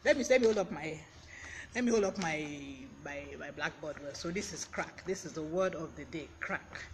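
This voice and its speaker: A man's voice: fairly high pitch, a little fast, a little hiss or hum. A man giving a chatty live-streamed vocabulary lesson, greeting viewers by name and laughing often. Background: fan blowing.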